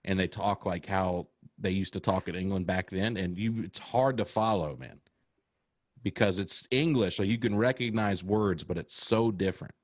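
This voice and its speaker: An American man, a comedian, chatting casually on a podcast and explaining things with animated storytelling. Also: low voice, normal speed, no echo, studio quality. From United States. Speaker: comedian guest.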